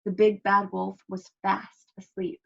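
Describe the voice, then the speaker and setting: Librarian reading aloud at story time. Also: female voice, medium pitch, a little slow, creaky. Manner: expressive, asks the children questions. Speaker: children's librarian. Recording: dull lo-fi recording.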